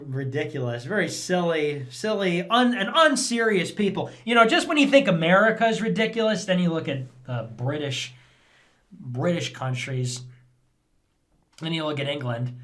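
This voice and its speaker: A man hosts his vlog in loose, casual commentary, his voice pitched a little high for a man. He rambles, thinks out loud and leans sarcastic as he goes. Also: lively intonation, normal speed. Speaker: vlog host reading viewer messages.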